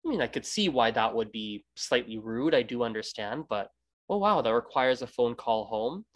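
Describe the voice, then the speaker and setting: A man's voice: mid-range voice, expressive, moderate pace. A Canadian man hosting a casual interview, rambling with many restarts. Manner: rambling, many restarts, acts out quoted greetings. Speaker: podcast host.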